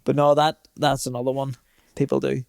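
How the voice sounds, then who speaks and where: A man's voice: mid-range voice, level tone, moderate pace, vocal fry, clear, resonant tone, no echo, clean studio sound. Laughing man telling stories. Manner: storytelling, laughs often while talking. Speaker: podcast co-host. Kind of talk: casual chat.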